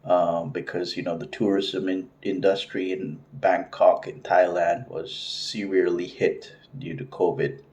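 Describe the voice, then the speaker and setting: A middle-aged man talks to camera in a loose, rambling way, stacking fillers and restarting his sentences. His voice sits very low. The sound is dull and lo-fi. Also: little pitch movement, unhurried, hardly any pauses, a little mellow. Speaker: vlogger. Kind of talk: casual talk to camera.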